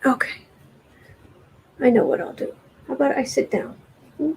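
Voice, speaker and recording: A woman's voice: high-pitched, animated, moderate pace, a little mellow, in a whisper, low-quality recording. A woman reading political tarot cards on a livestream, talking in a rambling, hesitant way, with frequent ums and restarts, and addressing viewers directly. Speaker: tarot reader.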